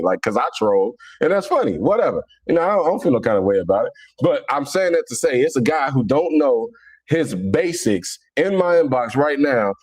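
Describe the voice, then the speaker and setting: A man from Cincinnati with a Southern-leaning accent, talking in a casual, animated monologue full of stammered restarts. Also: medium pitch, husky. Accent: Cincinnati, Southern-leaning American. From Cincinnati, Ohio, USA. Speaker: Islamic commentator.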